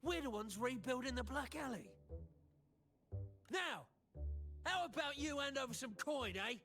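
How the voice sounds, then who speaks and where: A brash high-voiced street thug. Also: male voice, lively intonation, unhurried, bright, forceful tone, faint music behind, full character voice. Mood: bullying. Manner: brash, bullying, then begging. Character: cocky male street thug brother.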